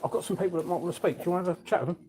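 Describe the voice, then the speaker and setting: A man's voice: sits high, racing, noisy background. A man filming himself outdoors and bluntly confronting council staff in a chatty, assertive way. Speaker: activist filming a council meeting. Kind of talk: handheld confrontational vlog. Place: outdoors outside a council building.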